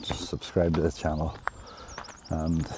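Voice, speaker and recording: A man's voice: extremely low pitch, monotone, unhurried, background noise. A man vlogging casually while walking uphill through a forest, rambling with lots of fillers and a bit out of breath. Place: outdoors in a forest on a hill.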